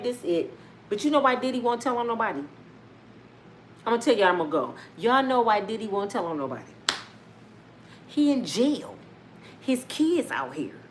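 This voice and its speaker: Woman host, high-pitched and highly expressive, brash and profane, celebrity gossip commentary. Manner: loud, profane, animated. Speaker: vlogger.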